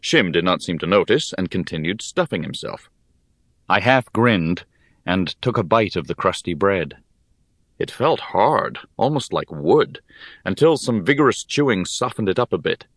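A man with a very deep voice narrates a first-person fantasy audiobook. His storytelling is calm, measured and slow, and the close recording is dry with no room sound. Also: no room sound.

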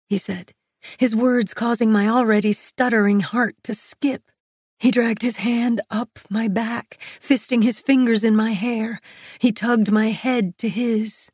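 A woman narrating a first-person romance audiobook in a soft, breathy, intimate way, close to the mic. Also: on the high side, steady tone, unhurried, dry recording.

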